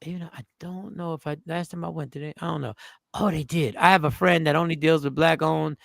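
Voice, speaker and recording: A man's voice: a little high, steady tone, fairly quick, gravelly, dry recording, studio quality. A man hosting a casual commentary show, talking bluntly and emphatically, with occasional swearing. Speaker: show host.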